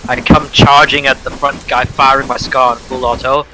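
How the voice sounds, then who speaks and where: A man's voice: medium pitch, flat delivery, moderate pace, pushed and bright, a little hiss or hum, rough recording. Laid-back man retelling a game match. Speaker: voice chat guest. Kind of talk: casual gaming chat.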